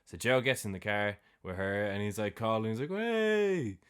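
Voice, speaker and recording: A man with a very low voice talks through a film's plot on a podcast, casually and loosely. He slips into the characters' lines as he retells each scene, and he swears freely along the way. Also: fairly even intonation, fairly quick, fairly bright tone, clear, resonant tone. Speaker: film podcast co-host. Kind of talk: casual film recap chat.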